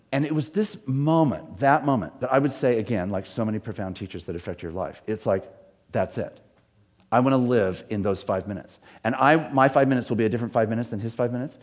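A man's voice: on the low side, fast talker, darkish tone. A middle-aged man, a pastor, talking in an earnest, rambling way with many restarts. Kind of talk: reflective talk.

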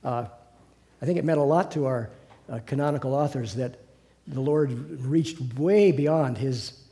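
Older man, mellow voice, rambling teacher, video call. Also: mid-range voice, measured pace. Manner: musing, rambling, many restarts. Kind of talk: Bible class discussion.

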